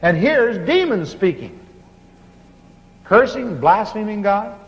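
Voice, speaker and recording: A man preaching, telling stories with animated laughter. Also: high-pitched, slow pace. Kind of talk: sermon storytelling. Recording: muffled hall recording with faint hiss.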